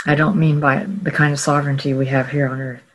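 A Bible teacher giving a scripture teaching talk in a measured, explanatory way, often correcting themselves mid-sentence. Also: medium pitch, flat delivery, fairly bright tone, a little hiss or hum, low-quality recording.

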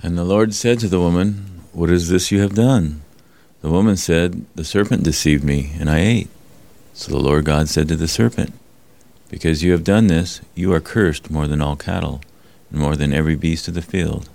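A man in a class reading a scripture passage aloud, with a gravelly voice. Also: low voice, moderate pace, warm tone. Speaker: student.

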